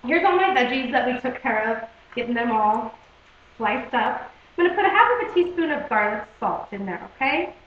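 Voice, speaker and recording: Chatty high-voiced woman cooking at home. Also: sing-song, moderate pace, slight background noise. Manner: chatty, repeats "okay?" and "guys". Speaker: cooking video host. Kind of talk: casual home cooking demonstration. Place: home kitchen. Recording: echoey, dull home video recording.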